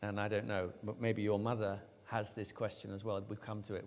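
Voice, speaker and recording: A man preaching a sermon, retelling a story with lively, acted-out voices for the characters. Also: on the low side, brisk. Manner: animated storytelling, acting out quoted lines. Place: church. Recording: long church reverb.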